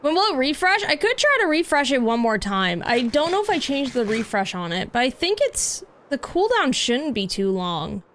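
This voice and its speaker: A woman streaming a video game in casual chat, cooing over cute cats and lapsing into soft baby talk to her pet. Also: high voice, sing-song, moderate pace, few pauses. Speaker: livestreamer. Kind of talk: casual gameplay livestream chat.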